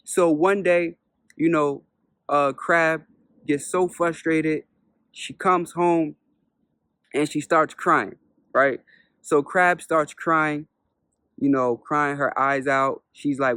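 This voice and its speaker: A man who is a spiritual teacher, telling a parable as a lesson in an unhurried way, repeating points and asking rhetorical questions. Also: fairly high pitch, fairly even intonation, sharp tone, clean tone, no echo, clean studio sound. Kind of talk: storytelling lesson.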